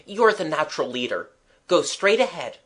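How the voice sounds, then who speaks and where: A man's voice: on the high side, big pitch swings, normal speed, a bit bright, breathy edge, full character voice. A man voicing a nervous schoolboy who urges and insists politely, in a storybook reading. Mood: urgent. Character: anxious scheming schoolboy, polite and urgent.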